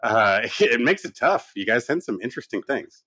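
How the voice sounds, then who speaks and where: A man's voice: medium pitch, expressive, normal speed, pushed and bright, no echo. A man co-hosting a podcast in easygoing, upbeat casual chat, laughing often. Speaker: podcast co-host.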